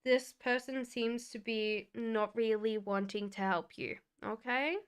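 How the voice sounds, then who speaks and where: A woman with a fairly high, clean-toned voice speaks steadily and without hurry while hosting a tarot reading on a live stream. She answers viewer questions in a casual, reassuring way, naming each person, and hums as she shuffles.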